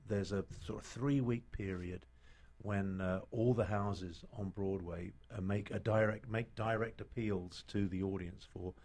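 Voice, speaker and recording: A man's voice: on the low side, steady tone, unhurried, hardly any pauses, a little mellow. A middle-aged British man, an actor guest, telling stories in casual chat with many restarts and fillers. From Britain.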